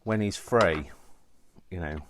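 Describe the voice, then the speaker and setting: Chatty low-voiced man with a Coventry accent. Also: slow pace, noisy background. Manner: chatty, self-mocking, rambling asides. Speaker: craft vlogger. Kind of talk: casual chat while crafting.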